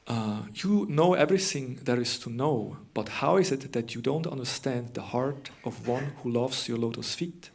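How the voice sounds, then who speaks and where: A man's voice: medium pitch, moderate pace, vocal fry, few pauses, a little mellow. A man voicing a devoted queen who speaks earnestly and tenderly to her husband, in a raised voice.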